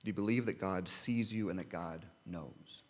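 A man's voice: low-pitched, normal speed. A man preaching a sermon, earnestly reading scripture and asking his listeners rhetorical questions. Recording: long hall reverb.

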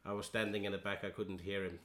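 A man, a comedian co-hosting a podcast, talking in a halting, hesitant way with frequent restarts. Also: lowish voice, little pitch movement, fairly bright tone, echoey room. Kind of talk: casual chat.

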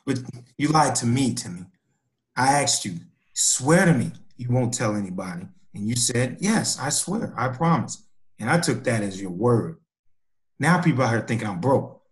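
Scheming male teacher, evasive and smooth, in an improvised skit played by a man. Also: medium pitch, big pitch swings, normal speed, natural voice. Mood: stern.

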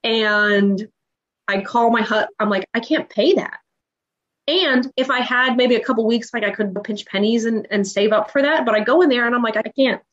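A woman's voice: fairly high pitch, normal speed. Storytelling woman on a lo-fi podcast. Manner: emotional, animated retelling with acted-out dialogue. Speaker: podcast guest. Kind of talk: personal storytelling in an interview.

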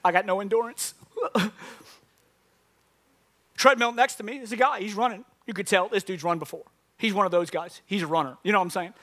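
A man's voice: high voice, brisk, long pauses, sharp tone, dry recording. A man, a pastor telling a comic story in a sermon and acting out breathless gasps.

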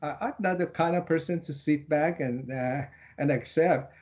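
Older guy from iran telling his faith story, earnest, bit high voice, dull muffled sound. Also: normal speed, darkish tone. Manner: earnest, repeats words, acts out his prayers with rising pitch. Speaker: interview guest, Christian minister. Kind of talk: personal testimony in an interview. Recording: muffled low-fidelity audio.

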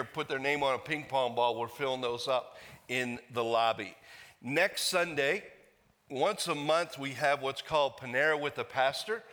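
In a church sanctuary, a pastor preaches a sermon in a medium-pitched, pushed, bright voice, earnestly leading the congregation in reading aloud. The recording carries the long reverb of a church hall.

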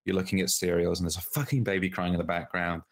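A man chatting casually as co-host, reviewing a show with quick asides and laughs. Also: sits low, flat delivery, vocal fry. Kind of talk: casual podcast chat.

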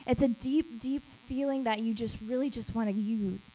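A woman small group leader teaches at church with an emphatic, earnest delivery. Her voice sits a little high for a woman. She drives points home by repeating them. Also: normal speed, mellow, smooth, rough recording. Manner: emphatic, repeats key phrases, acts out quotes.

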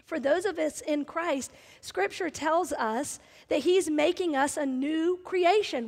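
A woman's voice: high-pitched, slow pace, few pauses, darkish tone, long reverb tail. A middle-aged woman pastor preaching a sermon in a church, telling personal stories earnestly, with emphasis that builds.

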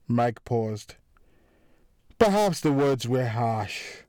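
A man narrating a crime story in a measured, dramatic reading. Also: medium pitch, dark tone, no echo.

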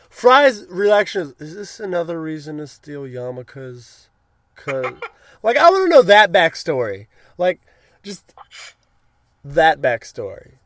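A young man in casual chat, excitedly retelling cartoon scenes and acting out lines in goofy voices. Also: high-pitched, no room sound, clean studio sound. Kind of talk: casual episode recap chat.

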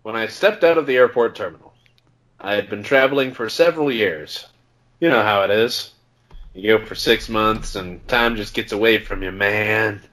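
A man's voice: on the low side, moderate pace, a bit bright. A man co-hosting a podcast, reading a story aloud in a casual way with joking asides. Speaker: podcast co-host.

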